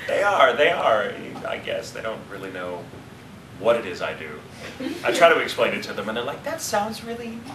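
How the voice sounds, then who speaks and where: A man in his thirties, a voice actor answering fan questions at a convention panel, talking in an animated, joking way and wandering off into tangents. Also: fairly low pitch, moderate pace. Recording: roomy, distant, noisy audience recording.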